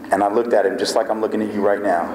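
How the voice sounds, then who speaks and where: A man lecturing in a big echoey hall, his fairly low voice ringing with a long reverb. He tells a story with animated energy, acting out dialogue and tossing in "right?" to the crowd. Faint background noise sits under the recording. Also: racing. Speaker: guest speaker.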